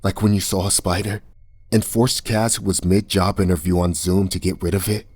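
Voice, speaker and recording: A man's voice: sits low, little pitch movement, unhurried, a little mellow, husky. A man voicing a frightened, bitter young man who speaks harshly and rawly. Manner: harsh and raw, hissing.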